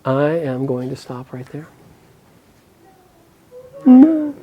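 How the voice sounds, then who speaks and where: A male storyteller telling a myth aloud to a group in a fairly high voice. He is animated, warming up as the action builds, and chuckles often at his own tale. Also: moderate pace, lo-fi sound, soft background music. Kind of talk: oral storytelling to a live group.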